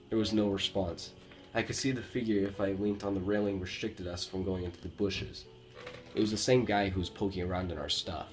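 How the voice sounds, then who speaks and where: A man from Romania with a Romanian accent, reading true scary stories aloud with a steady storytelling delivery and the odd slip. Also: deep voice, a little fast. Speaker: horror story narrator. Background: faint background music.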